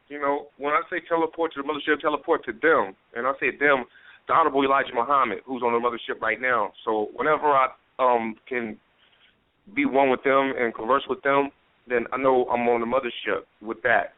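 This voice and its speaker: A man's voice: mid-range voice, steady tone, fairly quick. A man being interviewed as a comedian guest, rambling and boastful with stammering restarts. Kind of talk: casual phone-in interview. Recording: tinny phone line on radio.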